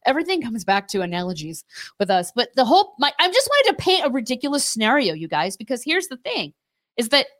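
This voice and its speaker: A woman co-hosting a casual faith discussion, telling stories with emphatic repetition and quick restarts. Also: on the high side, sing-song, fairly bright tone. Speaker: podcast co-host.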